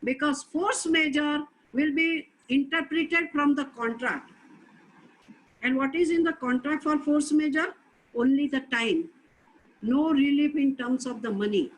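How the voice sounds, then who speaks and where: A middle-aged woman delivers a lecture in a high, light voice. She speaks earnestly and with emphasis, coming back to her key points to stress them. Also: a little slow, rough recording.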